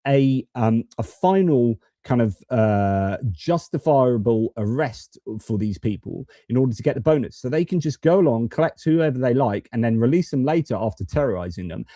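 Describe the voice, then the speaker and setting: A man's voice: medium pitch, expressive, normal speed, hardly any pauses, dark tone, no echo. A man commenting on news clips in a casual, hesitant way, with many fillers and restarts. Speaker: political commentator.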